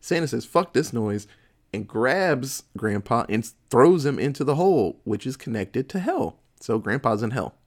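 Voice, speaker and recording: Animated man retelling a movie, swearing freely. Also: mid-range voice, moderate pace, few pauses. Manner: profane, laughing, animated storytelling. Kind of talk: casual chat, retelling a movie plot.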